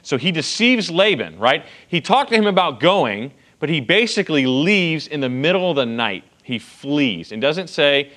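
A man's voice: fairly high pitch, big pitch swings, normal speed, few pauses, bright, forceful tone. A man teaching a Bible passage to a group in a casual, conversational way. He checks in often with "okay" and "right.". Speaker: pastor teaching a Bible study.

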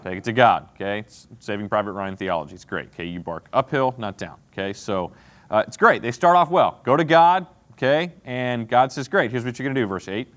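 A man's voice: mid-range voice, animated, a little fast, a bit bright. A man teaching an interactive Bible lesson, asking the class questions and often checking in with "okay?" and "right?".

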